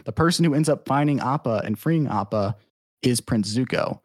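A man in casual podcast chat, retelling a cartoon plot in a rambling, profane, animated way. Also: medium pitch, normal speed, no echo, studio quality. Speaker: podcast guest.

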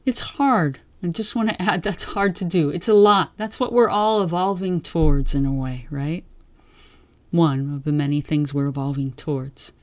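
A female meditation teacher gives a dharma talk in a low, mellow voice, slow, gentle, and reflective, letting long pauses hang between phrases. The recording is close and dry.

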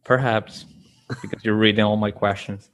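Friendly halting male co-host. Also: fairly low pitch, flat delivery, a bit bright, a little hiss or hum. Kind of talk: casual podcast chat.

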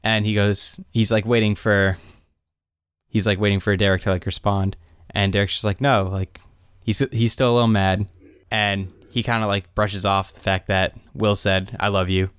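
A man's voice: lowish voice, moderate pace, clear, resonant tone, no echo, clean studio sound. Young man animatedly recapping a show. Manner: animated retelling, quotes characters in raised voices. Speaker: podcast co-host recapping a show. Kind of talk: casual chat.

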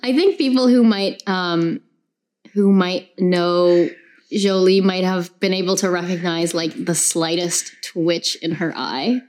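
A woman's voice: lowish voice, steady tone, slow pace, a little mellow. A woman playing a tabletop game, talking casually with fillers and laughter. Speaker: player. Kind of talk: tabletop role-play chat.

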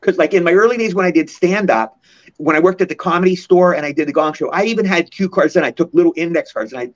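Fast-talking man in his sixties telling stories. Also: fairly high pitch. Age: 60s. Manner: animated anecdotes, acts out quoted people. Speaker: guest actor. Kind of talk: casual storytelling interview. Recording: muffled lo-fi audio.

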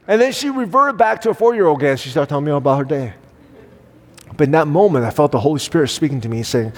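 Man, pastor, earnest sermon, fairly high voice, long hall echo. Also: expressive, fast talker. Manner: earnest, swings between loud emphasis and soft acted quotes.

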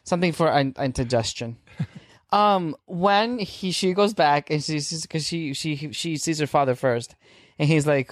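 A man's voice: a little high, a little slow, dry recording, studio quality. A man co-hosting a podcast, chiming in on a movie chat and laughing often. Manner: chimes in, laughs often, animated. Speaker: podcast co-host. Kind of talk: casual movie recap chat.

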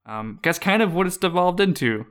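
A man's voice: high-pitched, moderate pace, clear, resonant tone. Rambling young man co-hosting a podcast. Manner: rambling, relaxed, laughs often, many fillers. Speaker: podcast co-host. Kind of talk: casual podcast chat.

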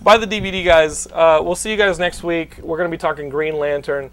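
Loud, laughing man hosting a podcast. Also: on the high side, steady tone, fairly quick. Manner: loud, swearing, laughing, talks over guests. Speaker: podcast host. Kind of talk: loud casual podcast banter.

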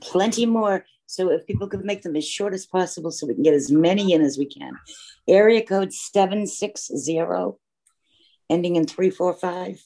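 A host moderating a call-in Q&A, brisk and businesslike while moving callers along. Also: mid-range voice, dark tone, poor audio.

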